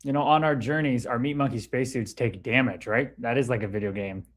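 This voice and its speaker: A man's voice: medium pitch, brisk. A man hosting a livestream in a casual, laid-back way, talking about spirituality and greeting viewers by name as he reads their comments. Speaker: livestream host.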